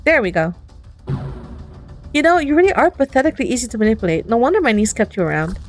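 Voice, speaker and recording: A woman's voice: fairly high pitch, sing-song, quick pace. Cruel witch aunt, cold and menacing, woman doing her, game music faint underneath. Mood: threatening. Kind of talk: voicing a visual novel playthrough.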